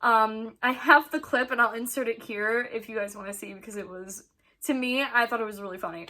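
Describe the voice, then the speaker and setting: A woman's voice: fairly high pitch, fairly quick, bright, forceful tone. A young woman chatting casually to her camera as a vlogger, rambling with many ums and frequent laughs.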